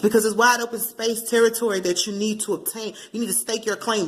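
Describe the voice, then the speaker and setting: Woman, tarot reader addressing viewers; animated, playful delivery with sung snippets and acted asides. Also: on the high side, a little fast, few pauses, a little hiss or hum. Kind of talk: casual tarot reading to camera.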